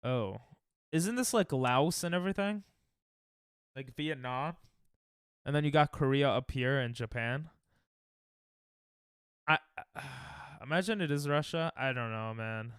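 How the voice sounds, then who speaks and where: A man's voice: mid-range voice, measured pace, pauses often, a bit bright, clean tone, no room sound, studio quality. A young American man streaming a geography guessing game, thinking aloud and trash-talking his chat. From United States. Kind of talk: casual live-stream chatter while playing.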